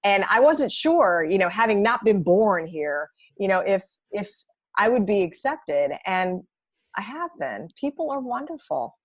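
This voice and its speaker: A woman's voice: mid-range voice, big pitch swings, a little slow, slightly rough, no room sound. A woman talking enthusiastically as a guest in a casual interview.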